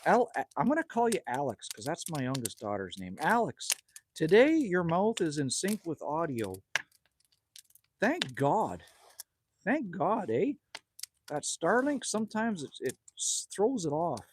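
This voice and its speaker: A man's voice: fairly high pitch, huge pitch swings, a little slow, a little hiss or hum. A middle-aged man hosting a casual live stream outdoors by a campfire, chatting bluntly and joking with viewers as he reads the chat. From Northwest Territories, Canada. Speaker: livestream host reading chat.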